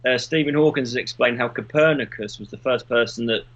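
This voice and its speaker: A man's voice: medium pitch, fairly quick, a bit bright, dull audio. A man, co-hosting a podcast in casual chat, rambling through stories and swearing freely. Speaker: podcast co-host.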